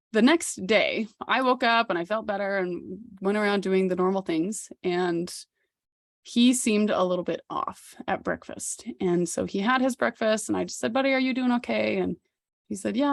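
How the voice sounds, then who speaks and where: Candid woman with a gravelly edge. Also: medium pitch, measured pace, no echo, studio quality. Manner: candid, reflective, with occasional laughs. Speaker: podcast co-host. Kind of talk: personal storytelling on a podcast.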